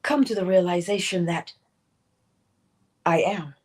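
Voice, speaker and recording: A woman's voice: fairly low pitch, measured pace, darkish tone, husky. A woman hosting a spiritual morning livestream talk, playful and laughing often as she acts out little quotes.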